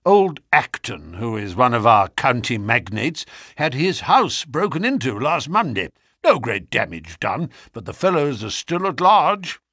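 A man's voice: mid-range voice, very animated, unhurried, a bit bright, breathy edge, dry recording, studio quality, full character voice. A man voicing a genial older country colonel, talking in a matter-of-fact way.

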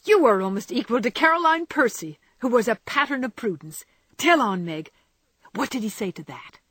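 A woman voicing an impetuous, tomboyish teenage girl who speaks loudly and headlong. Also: fairly high pitch, expressive, moderate pace, no room sound, voice pushed up. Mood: gleeful. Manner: loud, indignant, headlong.

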